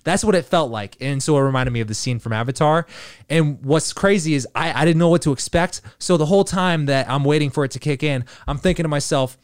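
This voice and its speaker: A man's voice: fairly high pitch, a little fast, clean tone, no room sound, clean studio sound. A man hosting a podcast, telling a rambling casual story full of fillers and swearing. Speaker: podcast host.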